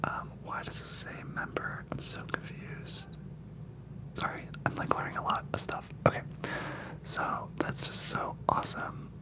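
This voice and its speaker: A man hosting a livestream, chatting in a soft, mostly whispered ASMR voice and rambling with many fillers. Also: unhurried. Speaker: ASMR channel host.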